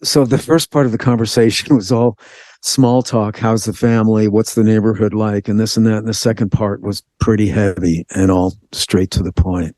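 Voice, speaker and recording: Telling a personal story at a moderate pace, a man being interviewed slips energetically into the voices of those he quotes. His voice is dark, mellow and fairly low, and the recording is close and dry, with no sense of a room.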